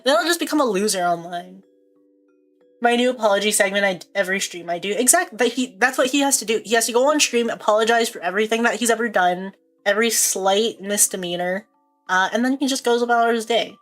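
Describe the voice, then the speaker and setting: A woman's voice: medium pitch, fast, soft background music. A young woman streaming, chatting casually in a rambling, jokey way and laughing often.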